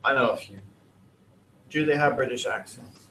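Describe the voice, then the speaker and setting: A man's voice: mid-range voice, moderate pace, bright, forceful tone, echoey room, a little hiss or hum, low-quality recording. A man teaching a class in a casual, digressive, joking way. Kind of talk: classroom lesson.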